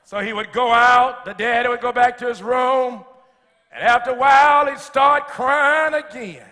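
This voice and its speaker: High, bright-voiced male preacher. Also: steady tone, a little slow, big-room sound. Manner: call-and-response preaching, building to shouts; slips in humor. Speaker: pastor. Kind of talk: sermon. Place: church sanctuary.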